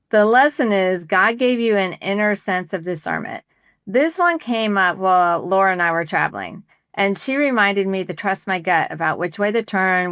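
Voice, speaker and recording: A woman's voice: mid-range voice, fairly bright tone, no room sound, studio quality. Woman telling a story on a faith podcast. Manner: conversational storytelling with quoted dialogue. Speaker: podcast co-host. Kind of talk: faith-based podcast talk.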